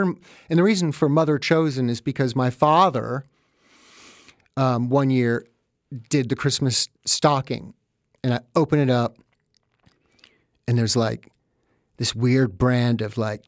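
A man telling a wry, self-mocking story about his childhood, with animated asides, recorded close and dry. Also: mid-range voice, dry recording. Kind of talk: first-person comic storytelling.

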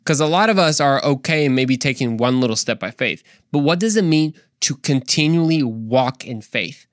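A man hosting a faith podcast, earnest and animated, repeating points for emphasis and joking in between. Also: medium pitch, normal speed, no echo, studio quality. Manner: playful, tries silly accents, earnest preaching. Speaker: podcast host. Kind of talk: casual faith podcast monologue.

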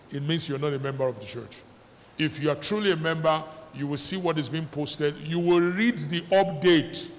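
A man preaching a sermon to his congregation as pastor, pressing them with repeated questions and firm commands. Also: a little high. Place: church hall. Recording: reverberant church hall with faint noise.

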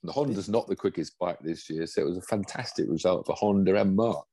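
A man's voice: low voice, a little fast, mellow, husky, dry recording. A man from England chatting enthusiastically about motorsport as a pundit. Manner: enthusiastic, rambling. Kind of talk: casual motorsport chat.

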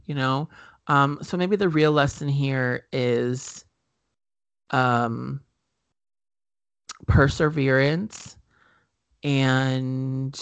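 A man's voice: medium pitch, fairly bright tone, smooth, no echo. A man co-hosting a podcast in casual chat, rambling with many fillers and self-corrections. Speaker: podcast co-host.

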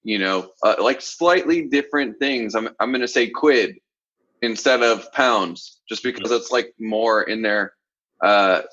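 A man from the Southern US coaching confidently in a casual podcast chat, with animated asides. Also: on the low side, measured pace, highs cut off. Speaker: sales coach, podcast co-host.

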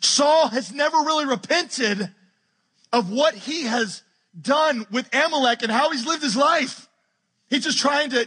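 Bright, high-voiced joking pastor. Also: male voice, slightly rough. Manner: joking, acts out Bible characters in quick asides. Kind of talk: sermon. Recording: preached in a large hall with long reverb.

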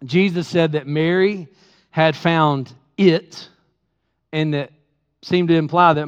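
A high-pitched man preaches a candid, storytelling sermon in a church sanctuary. His voice carries a long hall reverb, and the recording sounds slightly dull. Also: steady tone, slow, pauses often, smooth. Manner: candid storytelling with laughs, acting out his own quotes. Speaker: pastor.

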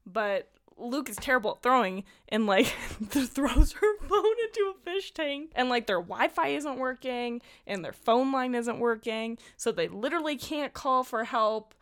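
A woman's voice: a little high, expressive, measured pace. Chatty young woman retelling a movie. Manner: chatty retelling, many "like"s, laughs while talking. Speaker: podcast co-host. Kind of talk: casual movie recap chat.

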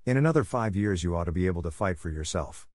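A man's voice: low-pitched, animated, fast, a little mellow, dry recording, clean studio sound. A man reading aloud and voicing a stern, proud old father seal who speaks in a firm, lecturing way.

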